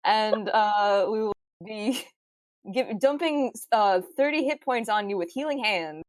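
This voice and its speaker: A woman's voice: mid-range voice, lively intonation, slow, no room sound. A woman player talking with giggles and hesitant fillers. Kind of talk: tabletop game play.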